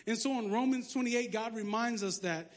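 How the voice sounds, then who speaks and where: A man pastor preaching a lively sermon, joking and sarcastic between scripture readings. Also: extremely high pitch, normal speed.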